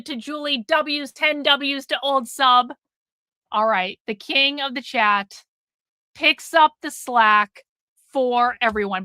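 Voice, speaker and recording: A woman's voice: high voice, sharp tone, dry recording. A woman hosting a live stream, chatting casually with viewers in a blunt, profane way and nagging them toward a goal. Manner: profane, blunt, nags the chat.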